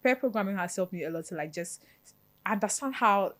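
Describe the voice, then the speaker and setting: A woman with a Ghanaian English accent, a software developer talking casually as a panel guest and leaning heavily on "like". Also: medium pitch, lively intonation, fairly quick. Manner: chatty, leans heavily on "like". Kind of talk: panel discussion.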